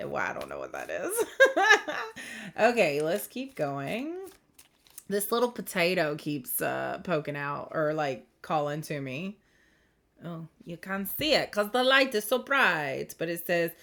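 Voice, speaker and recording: A woman's voice: fairly low pitch, sing-song, normal speed, vocal fry, a bit bright. A woman giving a casual spiritual reading to a camera close to her face, rambling, laughing often and interrupting herself. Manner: rambling, giggly, self-interrupting. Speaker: spiritual reader. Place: indoors under bright light.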